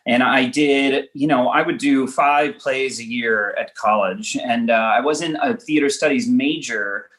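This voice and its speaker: Man, from Los Angeles, interview guest, halting restarts, self-deprecating storyteller. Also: medium pitch, fairly bright tone. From Los Angeles, United States. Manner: halting, thinking aloud in self-deprecating stories. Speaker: writer-director guest. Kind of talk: conversational interview answers.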